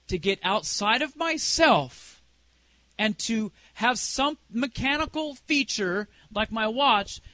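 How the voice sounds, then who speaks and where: A middle-aged preacher and singer delivers a sermon, telling a personal story conversationally and putting questions to the congregation. His voice is very high and sharp in tone, with no echo.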